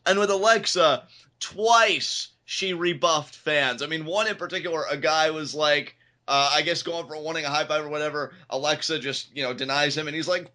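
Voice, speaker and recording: A man co-hosting a wrestling podcast in casual chat, animated and quick to act out quotes in a higher voice. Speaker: podcast co-host.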